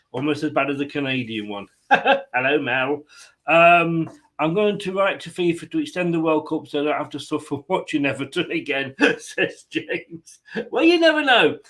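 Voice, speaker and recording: A man's voice: a little high, expressive, moderate pace, a bit bright. A man hosting a fan live stream, chatting casually and rambling with jokey asides. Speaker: fan channel host.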